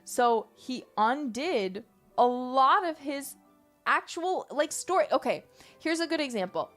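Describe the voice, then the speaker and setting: A woman streamer ranting in casual, animated talk, emphatic and swearing freely. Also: sits high, unhurried, faint music behind.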